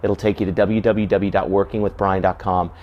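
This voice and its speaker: Man with a low voice giving advice. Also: flat delivery, a little fast, muffled recording. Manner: conversational, lots of rhetorical questions. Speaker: self-help video host. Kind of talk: casual advice talk to camera.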